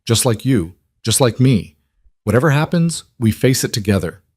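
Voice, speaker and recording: A man voicing an injured, stubborn and devoted young husband, speaking low, steady and firm. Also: normal speed, husky, dry recording, studio quality.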